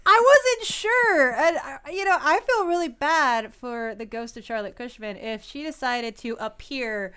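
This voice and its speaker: A woman's voice: high voice, lively intonation, unhurried, hardly any pauses, pushed and bright, smooth. A woman in her thirties co-hosting a podcast, telling a story in a giggly, rambling way, full of "like"s. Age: 30s. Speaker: podcast co-host. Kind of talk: casual chat.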